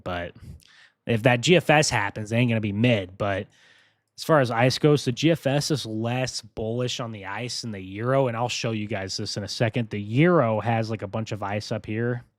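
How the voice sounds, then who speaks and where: Man, low voice, casual, excitable, live weather stream host, dry close sound. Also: no echo. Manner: casual, excitable, talks to chat viewers.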